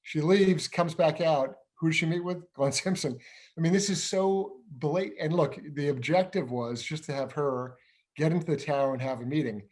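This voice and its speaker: Man, interview host, former intelligence officer, somewhat high voice, measured, explanatory. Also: darkish tone. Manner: measured, explanatory, walks through events step by step. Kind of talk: conversational interview.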